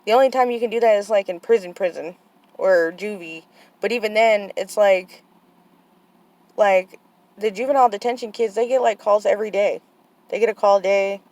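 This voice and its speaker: A woman's voice: mid-range voice, normal speed, a little mellow, dry recording. A young woman vlogging in a heated, frustrated monologue, full of "like" and "you know". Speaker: vlogger, aunt of a boarding-school student.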